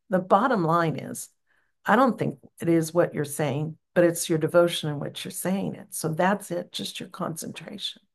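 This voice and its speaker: A woman teaching a gentle devotional practice, explaining sacred words and leading the group in a repeated chant. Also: on the low side, vocal fry. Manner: gentle, unhurried, encouraging. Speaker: spiritual teacher.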